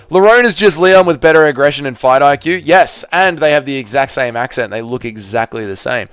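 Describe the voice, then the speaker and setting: A man's voice: mid-range voice, animated, a little fast, hardly any pauses, fairly bright tone, clear, resonant tone, no echo. A man hosting a casual livestream, reading out viewer comments and answering in a blunt, sarcastic way while swearing freely. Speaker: livestream host.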